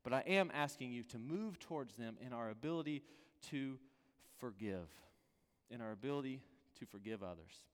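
A man preaching a sermon as a pastor, earnest and pleading, dropping from loud to hushed. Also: mid-range voice, lively intonation, moderate pace, clean tone, in a large hall.

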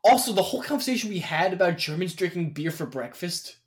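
A man's voice: high voice, expressive, quick pace, a crowd in the background. A young man in casual chat, telling stories in a rambling way full of fillers. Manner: rambling, filler-heavy storytelling.

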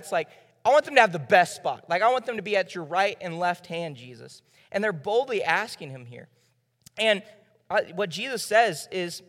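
A young man with a Southern US accent preaching a sermon as pastor, acting out the disciples' lines in quick bits of dialogue. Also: sits high, a bit bright. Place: church hall. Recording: long church hall reverb.

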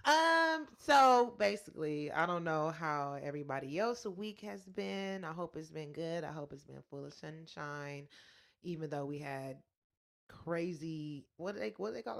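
A woman hosts a casual talk podcast and tells everyday stories. Her voice sits a little low and carries a gravelly texture. She acts out the people she quotes in a higher, animated voice. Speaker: podcast host. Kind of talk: casual storytelling chat.

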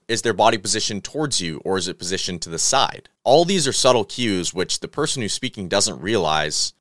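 Male podcast host, deep voice, earnest coaching delivery, dry close-mic studio sound. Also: a bit bright, dry recording. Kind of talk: solo podcast monologue.

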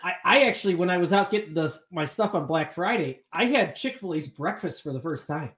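A man co-hosting a podcast in casual, animated chat, swearing now and then. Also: high-pitched, fairly quick. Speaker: podcast co-host.

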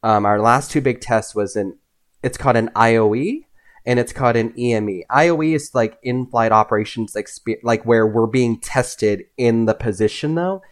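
A young man, a podcast guest, telling personal stories in a casual, animated way, often acting out what others said. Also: medium pitch, normal speed. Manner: animated, acts out voices in his anecdotes. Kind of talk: casual storytelling.

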